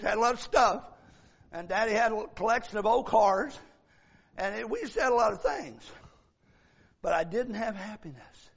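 A man's voice: high-pitched, highs cut off. A man preaching a sermon, quoting scripture and drawing out key phrases with fervor. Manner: fervent, drawn-out preaching with scripture quotes.

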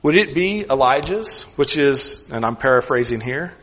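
Guy preaching, earnest, asks lots of questions, goes soft on the big lines, kinda muffled lo-fi sound. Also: mid-range voice, expressive, moderate pace, hardly any pauses, in a large hall. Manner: earnest, questioning, dropping softly on key lines. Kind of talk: sermon.

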